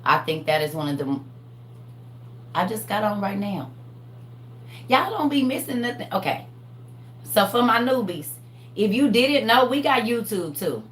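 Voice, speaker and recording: A woman hosts a live online class in casual chat, animated, laughing and talking straight to her viewers. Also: mid-range voice, unhurried, long pauses, reverberant, a little hiss or hum. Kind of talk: casual livestream teaching chat.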